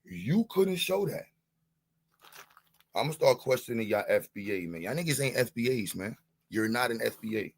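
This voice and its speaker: A man's voice: mid-range voice, big pitch swings, normal speed, husky. A man on a live-stream panel, boasting and taunting, leaning on the same catchphrases again and again in a heated rant.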